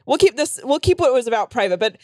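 A young woman comedian spins a rambling, profane story on a podcast, packed with fillers and dramatic acted-out quotes. She talks at a rapid clip in a fairly high voice. The sound is close and dry. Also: sing-song, a little mellow, dry recording. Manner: rambling, frequent "like" fillers, heavy swearing. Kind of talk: casual storytelling chat.

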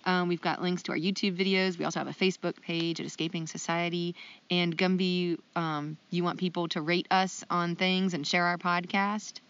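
A woman's voice: lowish voice, little pitch movement, moderate pace, fairly bright tone, clean tone, no echo, dull audio. A woman co-hosting a casual podcast, chatty and self-deprecating, with lots of ums. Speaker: podcast co-host.

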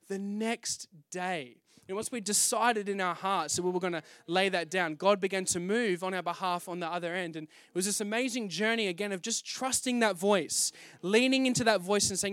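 High-voiced pastor telling his story. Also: moderate pace, a bit bright, smooth, no echo, studio quality. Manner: storytelling, acts out his own past exclamations; frequent restarts and fillers, conversational. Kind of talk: testimony sermon.

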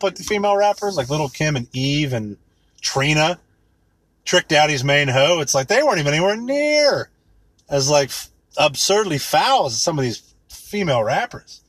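A man's voice: fairly high pitch, fairly bright tone, breathy edge, dry recording. A man in his thirties ranting with rambling sarcasm and heavy swearing, mocking things in put-on voices. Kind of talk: profane comedic rant.

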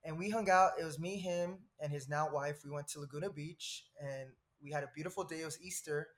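A man in his thirties from Southern California, a podcast guest telling a personal story in a lively, rambling way with frequent laughs. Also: a little high, a little fast. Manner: animated, laughs often, rambling asides.

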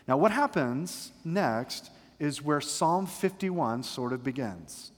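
A man's voice: mid-range voice, big pitch swings, slow, few pauses. A man preaching a sermon as pastor, chatting with his congregation and reading scripture dramatically. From Florida, United States. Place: church sanctuary. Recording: long hall reverb in a church.

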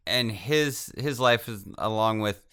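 A man co-hosting a casual book-talk show. His voice is fairly low, smooth and clean. He speaks in a laid-back way, mostly offering brief agreement and only now and then a longer thought. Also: measured pace, sharp tone. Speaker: podcast co-host.

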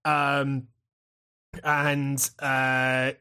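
A man's voice: mid-range voice, completely flat delivery, very slow, sharp tone, clean tone. A man in a laid-back, profane casual chat as podcast co-host. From Scotland. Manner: laid-back, laughs often, swears.

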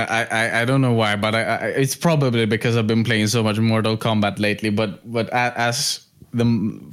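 Stammering man with a lowish voice. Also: clear, resonant tone. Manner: relaxed, stammering restarts, laughs at his own story. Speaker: podcast co-host. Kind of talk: casual chat.

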